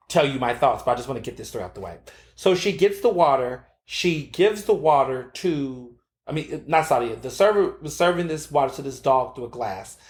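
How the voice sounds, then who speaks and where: A man hosting his own podcast, telling a story and giving his opinions in a sassy, animated way, full of fillers and swearing. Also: medium pitch, echoey room. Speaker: podcast host. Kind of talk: casual opinion monologue.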